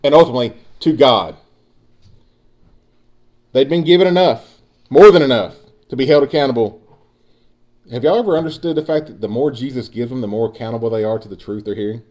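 A man's voice: medium pitch, fairly quick, pauses often, a little mellow. A man preaching a sermon, building emphasis and speaking directly to his congregation. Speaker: pastor.

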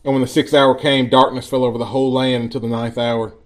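A man preaching a sermon in a church, reading scripture slowly with emphatic pauses. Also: mid-range voice, level tone. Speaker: pastor.

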